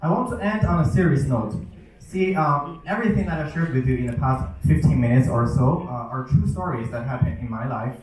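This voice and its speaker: A man's voice: medium pitch, lively intonation, brisk, a little mellow. A young man performing a stand-up comedy set, telling stories about his teaching and acting out his students' voices. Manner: storytelling with acted-out student voices. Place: event hall with a live audience. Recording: echoey hall, mic heard from a distance.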